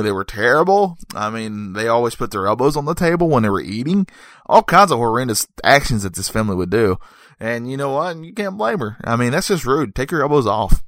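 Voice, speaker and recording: A man's voice: mid-range voice, a bit bright, dry recording, studio quality. A man reviewing a movie in a casual, joking monologue, rambling and correcting himself as he goes.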